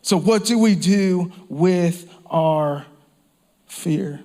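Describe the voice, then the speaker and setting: A man preaching a sermon with fervor. His voice sits a little higher than most men's. He repeats his phrases for weight and at times falls to a hush. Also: very slow. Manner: impassioned preaching with repeated phrases and dropped whispers. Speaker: pastor. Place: church or campground service.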